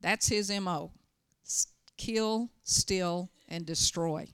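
A woman's voice: lowish voice, slow, fairly bright tone, smooth, dry recording, clean studio sound. A middle-aged woman pastor preaching a sermon, telling stories with emphatic, urgent bursts. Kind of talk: sermon with personal storytelling.

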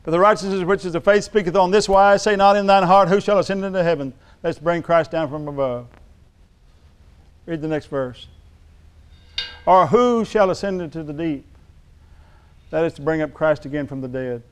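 A man preaching in a church with a high, smooth, resonant voice. He jokes with the congregation, then rises to emphatic, ringing declarations. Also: normal speed, long pauses. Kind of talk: sermon.

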